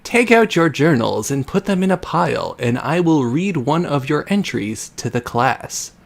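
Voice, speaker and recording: A man's voice: a little high, sing-song, a little slow, gravelly, full character voice. A man voicing an older, stern female schoolteacher as he reads aloud from a story.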